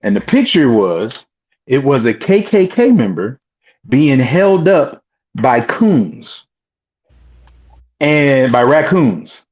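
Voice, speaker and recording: A man's voice: medium pitch, big pitch swings, takes it slowly, pauses often, a little mellow, slightly rough, lo-fi sound. A man on a political talk stream, telling stories with restarts and quoting back conversations. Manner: storytelling with restarts, quoting others.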